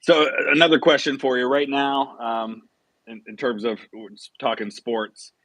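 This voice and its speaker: A man's voice: medium pitch, fairly even intonation, normal speed, fairly bright tone, no echo. A man hosting a casual live chat, asking questions with stammered restarts and short replies in between. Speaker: host.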